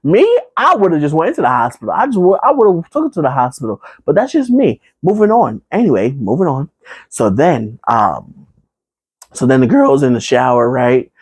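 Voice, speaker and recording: A husky voice, fairly high and swinging widely in pitch, comes through with no echo as a man casually recaps a horror movie. He rambles with fillers and asides, at times jumping into quick character voices.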